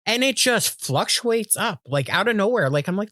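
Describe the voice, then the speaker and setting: A woman's voice: medium pitch, animated, moderate pace, fairly bright tone, dry recording, clean studio sound. Swearing, rambling woman podcast co-host. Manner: rambling storyteller, swears freely, acts out voices. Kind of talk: casual chat.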